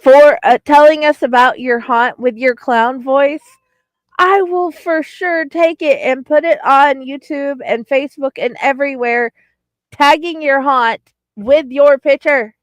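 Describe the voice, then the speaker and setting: A woman's voice: high voice, measured pace, no echo, low-quality recording. A woman hosting a casual chat, upbeat and inviting listeners to send in clips. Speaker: host.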